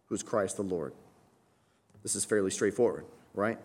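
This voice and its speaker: A man's voice: low voice, moderate pace, long pauses, slightly rough. A man preaching a sermon in a conversational teaching manner, often tagging points with a questioning aside and lifting his voice on key phrases. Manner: conversational teaching, frequent "right?" tags, rising emphasis on key phrases.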